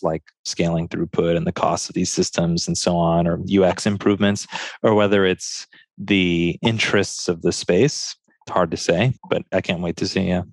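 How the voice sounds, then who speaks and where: Low-voiced enthusiastic man. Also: no echo. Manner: enthusiastic, agreeable. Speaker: podcast guest expert. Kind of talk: casual conversational discussion.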